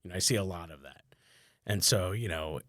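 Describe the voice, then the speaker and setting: A man's voice: deep voice, fairly quick, a bit bright, dry recording, studio quality. A male comedian and podcast host telling a story in casual chat, rambling and conversational with lots of "like" fillers, chuckling often and mocking himself a little.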